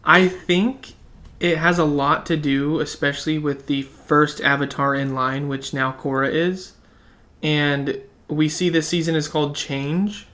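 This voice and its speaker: A man's voice: fairly high pitch, level tone, measured pace, bright, forceful tone. A man co-hosting a podcast in casual chat, musing and asking questions aloud. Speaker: podcast co-host.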